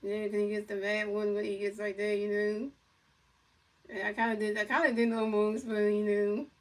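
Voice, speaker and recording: A woman's voice: mid-range voice, flat delivery, normal speed, far from the mic. A woman giving casual play-by-play over a video game, rambling with lots of fillers and repeated phrases. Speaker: gamer doing play-by-play.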